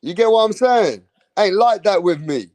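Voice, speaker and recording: Hosting a boxing channel, this man sounds loose and streetwise, his slightly high voice scolding viewers in slang peppered with "bruh" and "man." He's expressive, with a moderate pace and a darkish tone, in what amounts to a casual livestream rant.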